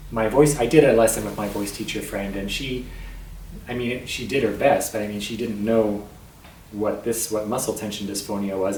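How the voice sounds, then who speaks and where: A man telling his own story, his voice tight and strained, catching in his throat, with halting restarts and throat clearing. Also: mid-range voice, darkish tone, echoey room, distant mic, slight background noise, poor audio. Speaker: vlogger sharing his voice disorder. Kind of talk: personal vlog storytelling.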